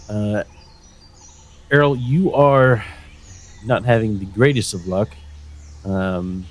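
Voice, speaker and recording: A man narrating as game master of a tabletop game, hesitant with many fillers. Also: lowish voice.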